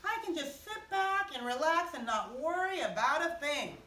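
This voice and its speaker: A woman's voice: high-pitched, expressive, moderate pace, pushed and bright. A woman voicing Potiphar, a boastful Egyptian official, in a children's Bible story, heard from far off in an echoey room. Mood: relaxed.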